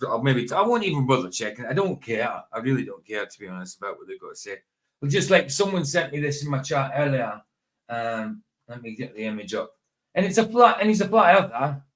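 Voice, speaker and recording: A man of middle pitch hosts a casual livestream. He rambles, laughs often and breaks off his sentences to restart them. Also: fairly bright tone, poor audio. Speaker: livestream host. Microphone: streaming setup.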